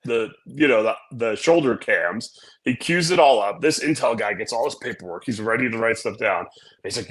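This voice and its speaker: A man's voice: mid-range voice, brisk, poor audio. A middle-aged man, co-host of a casual show, telling an anecdote and acting out the quotes with lots of "right?". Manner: animated storyteller acting out quotes, frequent "right?". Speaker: podcast co-host, former naval aviator. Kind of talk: casual chat, storytelling.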